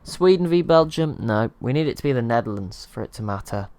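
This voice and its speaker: Casual male game commentator, mid pitch, dry close mic, rambling and self-deprecating. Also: lively intonation, brisk, darkish tone, smooth, dry recording. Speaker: gaming channel host.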